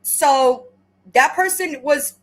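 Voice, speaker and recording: A woman with a somewhat high voice delivers commentary on a clip, speaking sharply and sarcastically. She stumbles into repeated restarts as she presses her points, and the tone stays confrontational throughout. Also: slow pace, rough recording. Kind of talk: reaction commentary.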